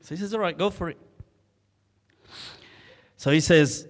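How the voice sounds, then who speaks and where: A man tells a story in a relaxed, conversational way and slips into the voices of its characters. His voice sits somewhat high for a man. The sound carries a long reverb, as if recorded in a large hall. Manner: animated, acts out the characters' lines; recites classical Arabic poetry rapidly and rhythmically. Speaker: Islamic scholar telling a story. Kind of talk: casual storytelling talk.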